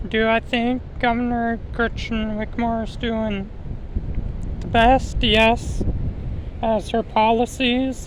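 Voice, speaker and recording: A vlogger drawls out an unhurried, rambling opinion piece, doubling back on words and restarting thoughts. The outdoor phone mic carries clear wind rumble and a boat somewhere behind. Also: rough recording. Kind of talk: casual opinion vlog.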